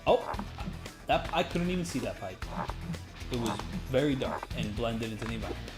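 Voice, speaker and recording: A gamer giving casual let's-play commentary, excitable and rambling, laughing at their own jokes. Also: medium pitch, brisk. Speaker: gamer playing through a game. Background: game music and sounds.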